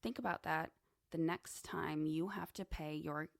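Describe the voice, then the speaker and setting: Woman podcast host, low and slow, gravelly, dry close sound, musing monologue. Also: steady tone, dry recording. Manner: slow, musing, conversational with asides. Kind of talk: casual monologue on esoteric topics.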